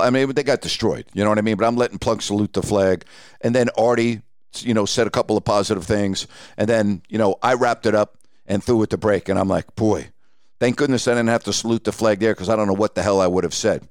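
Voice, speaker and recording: A man's voice: on the low side, quick pace, clean tone, dry recording, clean studio sound. A middle-aged man hosting a podcast, casually telling stories from his sportscasting career and acting out the dialogue. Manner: animated storyteller acting out quoted dialogue. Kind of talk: casual storytelling.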